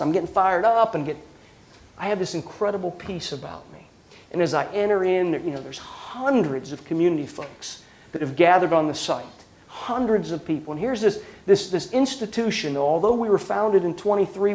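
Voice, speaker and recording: High-voiced man telling an earnest story. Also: a little mellow. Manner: earnest storytelling with frequent restarts. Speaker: guest speaker. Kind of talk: speech to a live audience.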